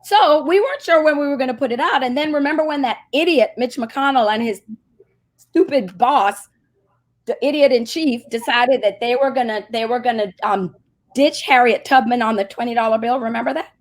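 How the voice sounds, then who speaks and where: A marketing agency CEO, guesting on a casual interview, tells a story in an animated way and acts out the voices she quotes. Her voice is on the high side and her pace is normal.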